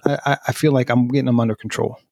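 Middle-aged male podcast co-host, husky, plain mid pitch, candid and self-deprecating. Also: fairly even intonation, racing, darkish tone, no echo, clean studio sound. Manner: earnest, self-deprecating, laughs through stories. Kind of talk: candid personal storytelling.

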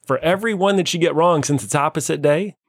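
A man's voice: a little high, fast, dry recording. Playful man hosting a chat show. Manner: playful, quizzes and teases co-hosts. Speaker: host. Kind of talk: casual chat.

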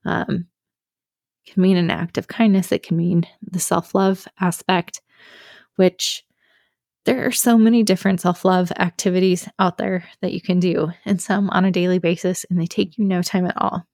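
A young adult woman talks openly about her own struggles in a solo podcast, rambling a little with fillers. Her voice has a frequent gravelly fry. She sits close to the mic in a dry, dead room. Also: fairly low pitch, fairly even intonation, moderate pace, a little mellow, dry recording. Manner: candid, confessional, many fillers. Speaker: podcast host. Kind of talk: personal solo podcast talk.

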